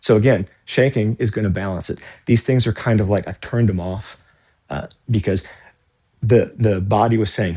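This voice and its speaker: A man's voice: fairly low pitch, normal speed, darkish tone. A man talking casually while he stretches, rambling and correcting himself, a little winded from the exercise. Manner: rambling, self-correcting, breathy exclamations. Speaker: vlogger doing stretching exercises.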